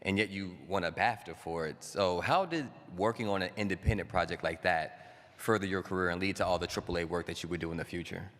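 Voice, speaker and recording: A man hosting a convention panel interview, playful and quick to joke. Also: sits low, a bit bright. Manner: playful, laughs easily, quick jokes. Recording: long convention hall reverb.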